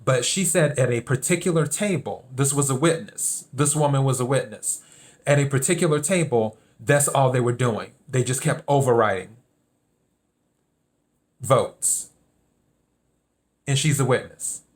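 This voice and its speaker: A man's voice: mid-range voice, unhurried, pauses often. Emphatic man hosting a solo commentary podcast. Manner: emphatic, repeats key points. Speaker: podcast host. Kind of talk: solo political commentary monologue.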